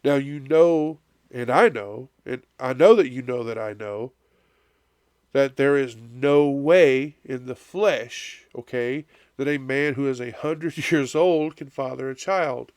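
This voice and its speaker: A man's voice: mid-range voice, slow pace, a little mellow, smooth, no room sound. A man preaching a conversational Bible-study sermon as pastor, often checking in with his listeners with "right?", and sounding congested with a cough. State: congested, coughing and blowing nose.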